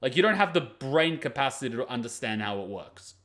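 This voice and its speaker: Animated, blunt man reacting to anime. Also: medium pitch, a little fast. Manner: blunt, profane, mocking critique. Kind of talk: casual reaction commentary.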